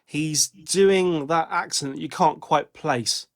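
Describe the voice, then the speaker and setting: A man's voice: on the high side, slow pace. A man co-hosting a casual music podcast, rambling as he talks, often restarting and correcting himself. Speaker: podcast co-host. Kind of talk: casual music-review chat.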